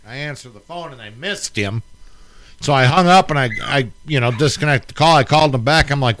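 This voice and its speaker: A man's voice: mid-range voice, brisk, crowd noise, low-quality recording. A man telling a laid-back story in casual chat.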